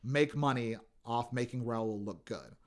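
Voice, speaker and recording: A man in a relaxed podcast chat, telling the story of an episode with lively energy. He slips into quick put-on voices for the characters he quotes. He talks in an easy, conversational way. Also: mid-range voice. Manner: animated retelling, acts out quotes in funny voices. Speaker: podcast co-host recapping a TV episode. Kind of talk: casual chat.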